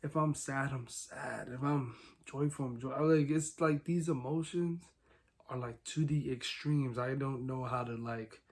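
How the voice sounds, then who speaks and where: A man's voice: medium pitch, unhurried. Rambling young man on a podcast. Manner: rambling and candid, heavy filler words, emotional swings. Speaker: podcast host. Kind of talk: casual solo podcast talk.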